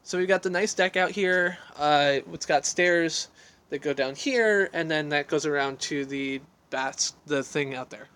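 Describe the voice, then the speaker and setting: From the outdoor deck of a house, a man chats on a casual livestream through a phone on a selfie stick, answering viewer questions as he reads them out. His voice is fairly high, bright, forceful, clear, and resonant, his pace a little slow, and he rambles and makes fun of himself along the way.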